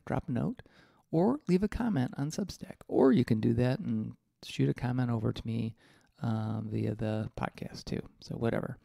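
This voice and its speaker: A man's voice: mid-range voice, gravelly, dark tone, no room sound, clean studio sound. A male podcast host reading a personal essay aloud in a reflective, candid, mildly profane way.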